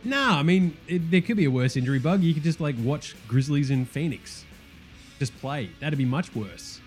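High-voiced, foul-mouthed Australian man. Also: lively intonation, moderate pace, soft background music. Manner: profane, blunt and sarcastic. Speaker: host. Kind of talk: comedic sports podcast rant.

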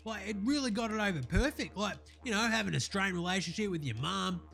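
A man's voice: high-pitched, animated, fairly quick, gravelly, fairly bright tone, soft background music, exaggerated voice. A man voicing a brash, crude young Australian bogan who rambles in slang about films.

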